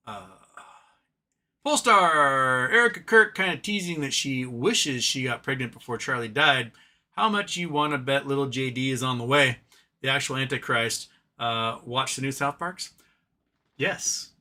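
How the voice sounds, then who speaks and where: Male livestream host, mid-pitched and sharp-toned, loose and chatty, reading comments and riffing with frequent restarts. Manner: rambling, opinionated, drops to a mumble talking to his cat.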